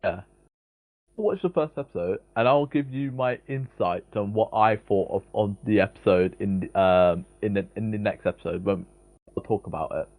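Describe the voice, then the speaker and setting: A man's voice: fairly low pitch, normal speed, a little mellow, no room sound. A young man co-hosting a casual podcast, easygoing and agreeable, laughing often. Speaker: podcast co-host.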